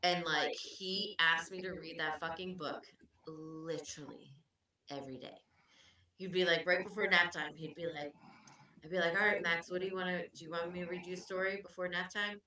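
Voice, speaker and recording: A woman's voice: on the low side, steady tone, normal speed, bright, forceful tone, recorded from a distance. A woman co-hosting a podcast, telling stories in loose, profane casual chat. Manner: profane, chatty, laughs often. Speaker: podcast co-host.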